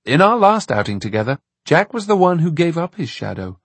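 A man voicing a calm, thoughtful grown man who reasons things out, in an audiobook. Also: a little high, brisk, breathy edge, no echo, voice pushed up, heavily acted. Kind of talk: audiobook narration.

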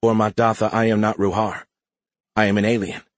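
A man voicing a decisive female army officer in a brisk, commanding tone. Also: fairly low pitch, level tone, no room sound, lightly acted.

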